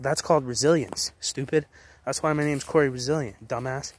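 A man's voice: a little high, steady tone, fast, a little hiss or hum. A man in his late twenties giving a blunt, heavily profane motivational rant straight to the camera, full of restarts and repetitions. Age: 20s. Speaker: vlogger.

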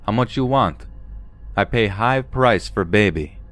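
A man's voice: lowish voice, lively intonation, a little slow, fairly bright tone, soft background music. A man voicing a pushy middle-aged Russian woman stranger, speaking insistent broken English with a Russian accent.

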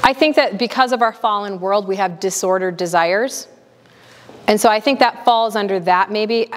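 A woman in her thirties giving a candid talk and answering audience questions. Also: medium pitch. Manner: earnest, candid, quick bursts. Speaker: guest speaker. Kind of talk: casual Q&A talk. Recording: long hall reverb.

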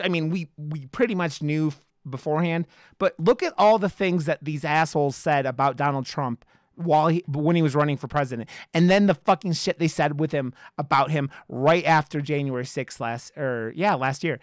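A man's voice: on the high side, normal speed, dry recording. A man streaming a video game, angrily ranting to his chat, swearing heavily and restarting his sentences. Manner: heavy swearing, restarts mid-sentence, addresses chat viewers. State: angry. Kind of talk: heated live-stream rant.

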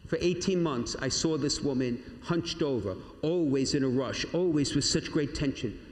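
A priest preaching to young confirmation candidates, his slightly high voice slowing down on key words. He tells a personal story with dramatic pauses. The sound rings through a large, echoing church. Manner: storytelling, addresses listeners as "my young friends"; dramatic pauses and slowed emphasis. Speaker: Catholic priest. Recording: echoey church with long reverb.

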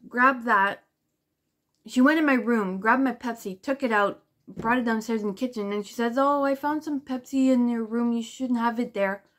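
Woman vlogger, higher-pitched voice, casual rambling talk, lots of swearing and fillers, indignant. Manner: rambling and profane, full of "like" fillers; animated and indignant while retelling. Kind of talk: casual storytelling to camera.

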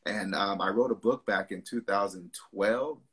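Male guest, author-pastor; bright, slightly husky voice, animated preacher's cadence over a video call. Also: fairly low pitch, normal speed. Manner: animated, preacherly rhetorical questions. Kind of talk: casual interview, preaching at times.

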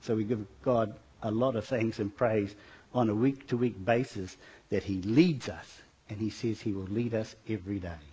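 A man's voice: on the low side, steady tone, normal speed, dark tone, breathy edge. A middle-aged man in a church giving an earnest, rambling personal testimony with many fillers, then leading a prayer.

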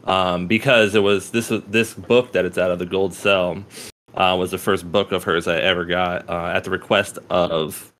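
A man's voice: low-pitched, fairly even intonation, normal speed, a bit bright. A young man co-hosting a casual chat about poetry, rambling with many restarts, swearing freely and laughing often. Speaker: podcast co-host.

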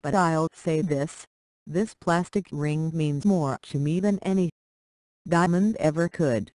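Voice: medium pitch, takes it slowly, darkish tone, no echo, natural voice, low-quality recording. A reader voicing a young woman reading her wedding vows, earnest, teasing and tender.

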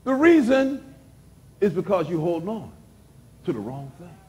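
A man preaching a sermon as pastor, repeating phrases for emphasis and dropping suddenly to a hush. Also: sits high, big pitch swings, moderate pace.

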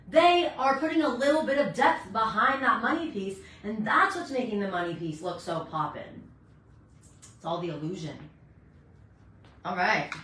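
A middle-aged woman hairstylist chatting brightly while she demonstrates hair toning in a salon, teaching as she works. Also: a little high, a little hiss or hum. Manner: bubbly, chatty, talks while working. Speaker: hairstylist educator. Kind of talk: live hair coloring tutorial. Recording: echoey room.

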